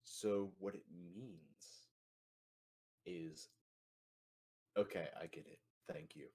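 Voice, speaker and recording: A man playing a tabletop game, speaking in a deliberate, low-key way. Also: vocal fry, darkish tone, breathy edge. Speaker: player. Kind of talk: tabletop role-play in character.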